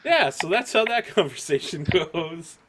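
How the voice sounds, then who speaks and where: A man's voice: on the high side, sing-song, a little slow, noisy background. A young man as game master, chatting and acting out lines from the table. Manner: chatty, acts out quoted lines.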